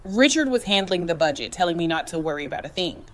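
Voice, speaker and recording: A woman's voice: on the low side, lively intonation, fast talker. A woman telling a personal family story in a casual, conversational way, with slang like "chile" and "girl" and a dialect flavor. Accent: African American English.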